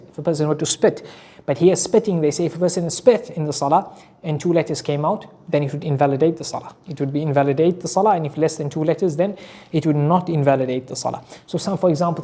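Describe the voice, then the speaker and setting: This Islamic teacher speaks in a slightly high voice with a dark tone. His religious lesson walks through rulings, returning again and again to key phrases and weaving in Arabic terminology.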